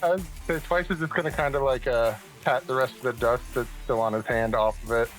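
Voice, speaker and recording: A man playing a tabletop game, narrating his character's actions in a relaxed, halting way. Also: mid-range voice, soft background music, poor audio. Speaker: player.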